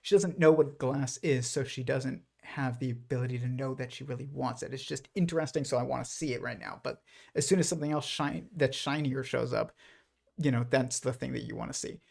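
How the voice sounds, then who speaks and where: A man's voice: medium pitch, steady tone, brisk, gravelly, a little mellow. A man hosting a livestream and talking through his ideas in a rambling, reflective way, full of fillers and restarts. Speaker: livestream host. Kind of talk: casual livestream monologue.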